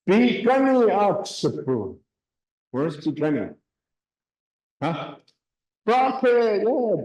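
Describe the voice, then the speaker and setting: A man leads a classroom language lesson in a slow, unhurried way, drilling words over and over for the class to repeat. His voice sits a little high for a man. The sound is echoey, as in a classroom. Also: a little mellow. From Canada. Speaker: language teacher.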